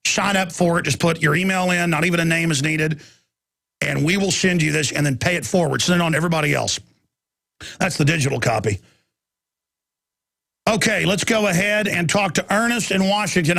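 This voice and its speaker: Slightly high, creaky and a bit bright, the voice belongs to a radio talk show host spinning a long, rambling tale. His ranting monologue is peppered with mocking impressions.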